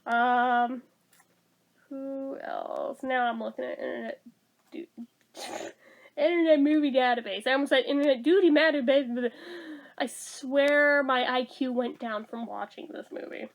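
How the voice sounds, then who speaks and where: A woman's voice: sits high, fairly even intonation, a little slow, vocal fry. A woman giving a casual movie review, sarcastic and blunt, swearing freely.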